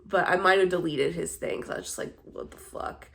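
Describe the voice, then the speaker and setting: Blunt, gravelly-voiced woman vlogger. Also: on the low side, quick pace. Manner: candid and blunt, swears freely, animated storytelling. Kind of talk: casual chat.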